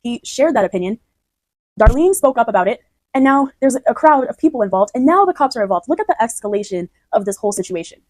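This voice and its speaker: A woman's voice: fairly high pitch, lively intonation, fast, darkish tone, dry recording, poor audio. A woman explaining her own poem in a chatty way, often restarting and checking that the listener follows. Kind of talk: casual spoken explanation.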